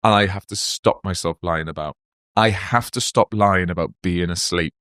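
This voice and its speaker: A man, hosting a casual podcast chat and telling animated stories with acted-out voices. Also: low voice, normal speed, clear, resonant tone, dry recording, studio quality. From Wales. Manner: animated storytelling, acts out quoted voices. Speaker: podcast host.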